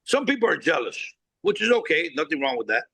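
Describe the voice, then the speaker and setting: A bright, forceful man tells stories in an interview with no-nonsense bluntness, acting out both sides of past conversations and swearing freely. His voice is close and dry, with no room sound at all. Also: fairly high pitch, big pitch swings, fast, creaky, husky, no room sound, rough recording. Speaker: cigar company founder, guest. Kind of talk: animated storytelling interview.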